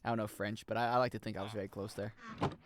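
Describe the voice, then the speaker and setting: A young man giving casual, jokey commentary as he plays a video game, swearing and breaking into loud high-pitched yells. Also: little pitch movement, racing, very noisy. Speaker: streamer.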